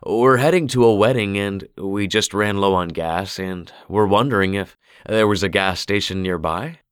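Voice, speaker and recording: A man's voice: fairly low pitch, moderate pace, clean tone, dry recording, studio quality, natural voice. Man reading a nervous, hesitant young husband. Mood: uneasy. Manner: tense, hesitant.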